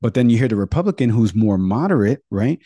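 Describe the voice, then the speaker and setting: A man's voice: lowish voice, lively intonation, quick pace, warm tone, dry recording, clean studio sound. A man hosting a political talk show, going through poll numbers in a conversational way. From Florida. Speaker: host.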